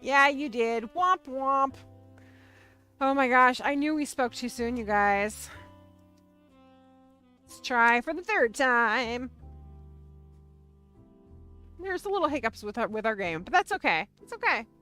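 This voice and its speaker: Bright, high-voiced bubbly woman host. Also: animated, slow pace, pauses often, clean tone, soft background music. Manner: bubbly, playful, talks to chat. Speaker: livestream host. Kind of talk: casual livestream chat.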